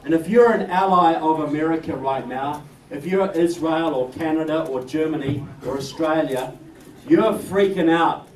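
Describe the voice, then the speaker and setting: A man's voice: a little high, a little mellow, a little hiss or hum. A man with a New Zealand accent giving an emphatic political speech to an audience, joking and calling them folks. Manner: emphatic, jokey, addresses crowd as folks. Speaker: guest speaker. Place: indoor event room. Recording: distant roomy mic with crowd.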